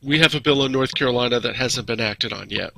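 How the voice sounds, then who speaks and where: A man co-hosting a podcast, talking through news in a measured, plain-spoken way. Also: mid-range voice, vocal fry, bright, forceful tone, no room sound, low-quality recording. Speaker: podcast co-host. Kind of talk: casual news discussion.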